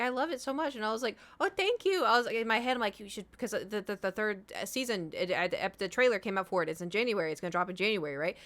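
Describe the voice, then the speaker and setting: A woman's voice: medium pitch, fairly bright tone. Rambling young woman streamer. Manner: rambling, self-deprecating, trails off. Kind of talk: casual stream chat.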